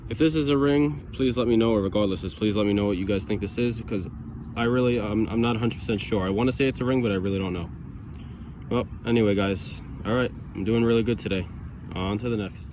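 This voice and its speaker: A New York man vlogs as he metal detects in a grassy yard outdoors, chatting casually to the camera, thinking aloud about each find, and calling his viewers "guys" again and again. His voice is lowish and quick, with background noise.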